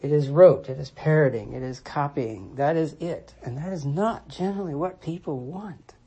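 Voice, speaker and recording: A commentator giving a reflective solo monologue, measured and deliberate, restating points for emphasis. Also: medium pitch, warm tone, husky. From United States. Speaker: Christian commentator.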